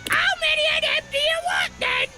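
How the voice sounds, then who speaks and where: A woman's voice: very high-pitched, steady tone, brisk, over music. A woman voicing a worried old-fashioned wife in a video game, pleading dramatically. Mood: fretful.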